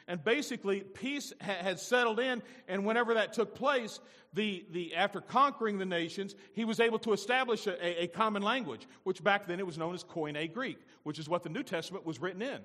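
A man preaching a sermon as a pastor, animated, full of rhetorical questions to the congregation. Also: high-pitched, fairly quick, big-room sound.

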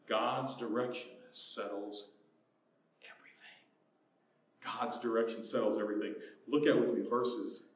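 A male pastor from the United States preaching a sermon, moving between hushed, soft passages and loud, emphatic ones. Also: mid-range voice. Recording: very echoey room, mic at a distance.

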